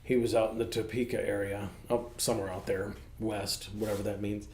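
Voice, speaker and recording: A man, a pastor co-hosting a casual ministry podcast, telling folksy stories with animated asides. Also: on the low side, a little fast, reverberant, slight background noise. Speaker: pastor, co-host.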